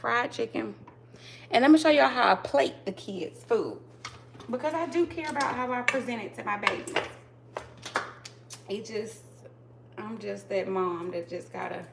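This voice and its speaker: A woman's voice: mid-range voice, gravelly, noisy background. A woman hosting a casual live cooking stream from her home kitchen, chatting to her viewers and calling out to them constantly as she cooks. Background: clatter of pots and dishes.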